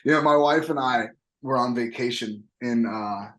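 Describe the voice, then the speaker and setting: A man's voice: medium pitch, normal speed, echoey room. A man in his thirties, a wrestling coach, telling stories casually in an interview and acting out the voices of the people he quotes. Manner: animated, acts out quoted voices. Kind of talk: casual interview talk, lively storytelling.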